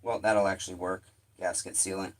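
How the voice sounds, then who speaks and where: This chainsaw repair streamer works in his home workshop shed, broadcasting live and chatting to viewers between bouts of heavy, exasperated swearing. He speaks briskly in a low voice that barely moves in pitch.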